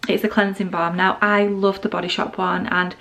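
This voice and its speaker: A woman's voice: mid-range voice, little pitch movement, moderate pace, fairly bright tone. A young woman chatting casually in a vlog, a bit out of breath and rambling with many fillers. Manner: rambling, full of fillers and restarts. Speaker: vlogger. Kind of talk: casual skincare vlog chat.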